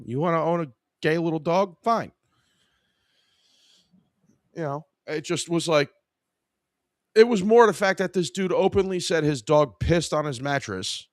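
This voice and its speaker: A man's voice: on the high side, no echo, studio quality. Profane, exasperated male storyteller. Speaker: podcast host. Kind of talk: casual storytelling.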